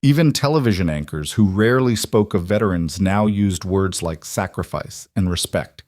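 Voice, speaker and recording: Low and steady, a man's storytelling voice moves through each line with measured drama and scripted control, recorded dry and close with no room sound.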